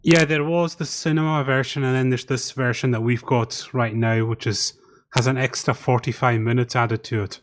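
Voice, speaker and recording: A man's voice: mid-range voice, fairly even intonation, normal speed. A man hosting a casual podcast commentary. He talks over an online call and steers the group. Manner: chatty, organizes the talk and guides the others. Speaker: podcast host.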